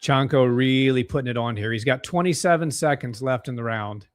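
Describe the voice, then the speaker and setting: An excitable young man commentates a fight live on a home stream, breaking into eager exclamations at big strikes. His voice sits at a middle pitch and comes through dry and close on a desk mic. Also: a little fast, dry recording. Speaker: co-host of a fight watch-along stream.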